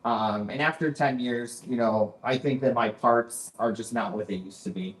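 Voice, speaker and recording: At a normal speed and medium pitch, this comedian in his forties works through a deadpan set in a basement club, with the echoey room audible. After punchlines he tends to add "that's right."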